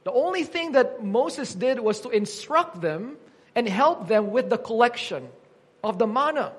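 A man's voice: very high-pitched, expressive, a little slow, slightly rough. A man preaching an earnest teaching sermon, quoting scripture with emphasis.

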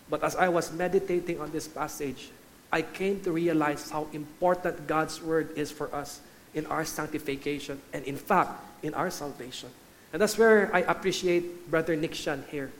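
A man's voice: on the high side, slight background noise. A middle-aged man with a Filipino English accent, preaching an earnest sermon that builds to fervent peaks and calling the congregation "guys.". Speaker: pastor. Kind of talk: sermon with altar call.

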